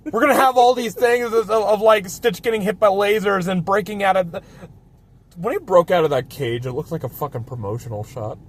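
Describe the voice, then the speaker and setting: A man's voice: sits high, brisk. A man hosting a casual film review chat, ranting and swearing a lot. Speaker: host.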